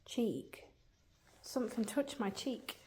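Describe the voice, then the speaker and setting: A woman hosting a ghost hunt, calling out to spirits in soft, half-whispered questions inside an abandoned care home. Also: mid-range voice, normal speed. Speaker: paranormal investigator and host. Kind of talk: casual ghost-hunting chat with spoken voice-over.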